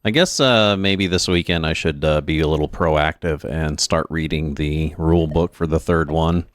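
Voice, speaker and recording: A low-voiced man streaming a retro game, talking casually and wandering off into side chatter with plenty of ums and uhs. His nose sounds a little stuffed up from allergies, and his close mic sounds dry with no room around it. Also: normal speed, no room sound. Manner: rambling, chatty, many fillers and asides. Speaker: streamer and host. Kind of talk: casual let's-play commentary.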